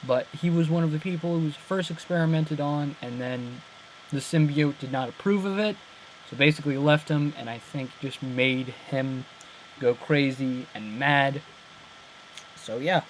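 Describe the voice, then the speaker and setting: Young guy chatting about an episode, kinda high voice, keeps correcting himself and laughing, faint noise behind. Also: rough recording. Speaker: channel host breaking down an episode. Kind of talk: casual chat.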